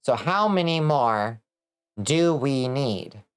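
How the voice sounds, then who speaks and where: A woman streaming a game, chatting casually, reading chat and swearing a lot when excited. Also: extremely low pitch, slow pace, smooth. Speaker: vtuber streamer.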